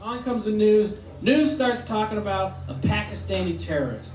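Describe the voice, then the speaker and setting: Man telling deadpan stand-up stories. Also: sits high, moderate pace, hardly any pauses. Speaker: stand-up comedian. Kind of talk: stand-up comedy set. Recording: echoey room, far from mic, noisy.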